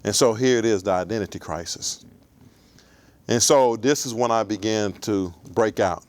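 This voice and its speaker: A man in his forties, appearing as an interview guest, recounts his life story in a measured, reflective manner. His voice sits on the low side, with no room sound.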